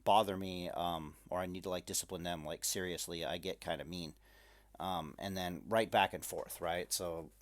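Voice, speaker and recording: A man casually rambling in a vlog from his room at night, full of fillers and dry self-mocking jokes. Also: sits low. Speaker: gaming video creator.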